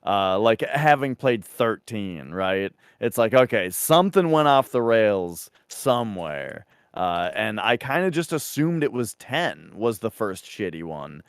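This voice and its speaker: A man co-hosting a podcast in casual chat, rambling with lots of fillers and animated asides. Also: lowish voice, a little slow, hardly any pauses, clean tone, no echo, clean studio sound. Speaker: podcast co-host.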